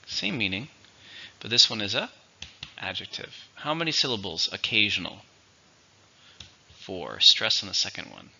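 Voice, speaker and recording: Man slowly teaching vocabulary, bright tone. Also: on the low side, very animated. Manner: slow, clear, instructive delivery. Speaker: English teacher. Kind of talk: vocabulary lesson. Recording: dull, lo-fi recording.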